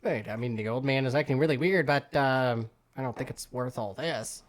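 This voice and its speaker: A man's voice: mid-range voice, normal speed, close to an everyday voice. A man doing a dismissive workshop worker. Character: gruff male workshop worker closing up for the night.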